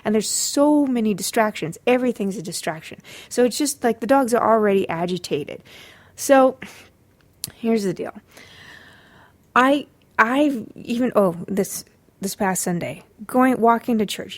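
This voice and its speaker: A woman's voice: fairly high pitch, lively intonation, a little slow. A woman hosting a dog training podcast, talking casually with sarcastic asides and frequent fillers. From Los Angeles area.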